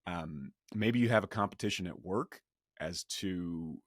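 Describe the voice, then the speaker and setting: Middle-aged guy hosting his podcast, low voice, dry close mic, rambly storytelling. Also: unhurried, no room sound. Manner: conversational, with many restarts and a quoted yell. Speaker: podcast host. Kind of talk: reflective storytelling monologue.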